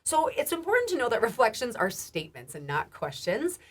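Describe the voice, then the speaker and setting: A woman's voice: a little high, huge pitch swings, fairly quick. A woman health educator giving a recorded training lecture, casual and chatty with frequent laughs, restarts, and a rising lilt at the ends of phrases. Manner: casual, warm, laughs often, many restarts and fillers.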